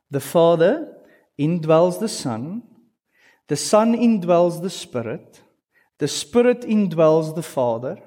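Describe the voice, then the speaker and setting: A pastor delivers a teaching sermon in a slightly high, animated voice, stretching key words for emphasis. He breaks in with questions and playful asides to his listeners.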